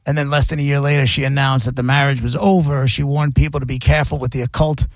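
A man's voice: mid-range voice, steady tone, fast, dry recording, clean studio sound. A man hosting a radio show, chatting casually and jokily, rambling with frequent restarts. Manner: rambling, jokey, restarts often. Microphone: studio microphone.

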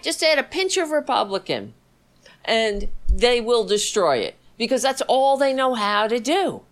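A woman's voice: fairly high pitch, a bit bright. A middle-aged woman hosting a stream, delivering angry political commentary in a scornful, insulting, sarcastic way. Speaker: livestream host.

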